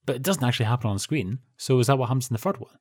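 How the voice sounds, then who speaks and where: Brief: male podcast co-host, wry and rambling, middle pitch, dry close-miked sound. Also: lively intonation, very fast, darkish tone, breathy edge, no echo. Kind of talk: casual chat reviewing old TV.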